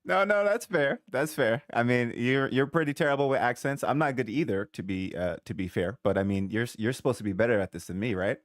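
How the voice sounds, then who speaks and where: A man's voice: mid-range voice, fairly quick, few pauses, no echo, clean studio sound. A man hosting a live chat, teasing and stammering, often laughing as he talks. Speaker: live-stream host.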